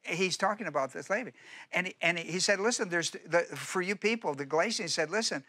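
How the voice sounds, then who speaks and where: A middle-aged man delivers a sermon in the loose, conversational way of a Bible-study teacher. His voice sits a little high and sounds bright and forceful. He often repeats and restarts his phrases and poses rhetorical questions to his listeners. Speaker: pastor.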